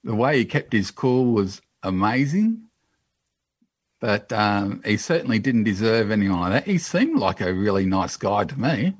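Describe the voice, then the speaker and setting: A man co-hosting a podcast, chatting casually about a reality show in a measured, slightly hesitant way. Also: on the low side, sing-song, husky, no echo. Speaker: podcast co-host. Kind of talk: casual chat.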